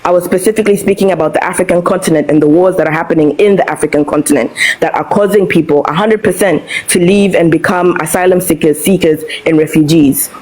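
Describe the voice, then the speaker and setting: A woman's voice: on the low side, quick pace, hardly any pauses, a little mellow, rough recording. A woman in a heated live panel debate, defensive and insistent, repeating her answers.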